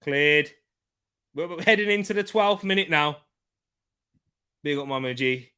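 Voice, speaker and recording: Excitable man with a bright voice. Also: a little high, measured pace, clear, resonant tone. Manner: excitable, laughs often, bursts into shouts at chances. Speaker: football watchalong host. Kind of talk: live football watchalong commentary.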